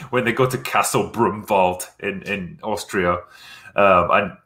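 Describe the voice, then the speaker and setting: Low-voiced, forceful man chatting casually. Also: slow pace. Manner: rambling, full of "like" fillers, laughs often. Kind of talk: casual chat about a film.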